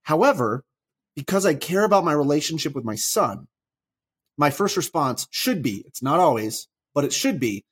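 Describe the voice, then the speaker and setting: Husky animated man telling stories. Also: fairly high pitch, moderate pace. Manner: animated storyteller, restarts often. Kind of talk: casual faith podcast chat.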